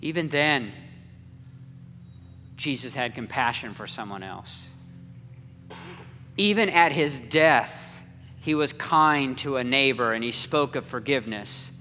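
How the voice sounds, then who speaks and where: A man preaching a dramatic sermon as a story, slow and swinging between loud cries and hushed near-whispers. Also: medium pitch, lively intonation, slight background noise. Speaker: pastor. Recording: echoey hall with long reverb.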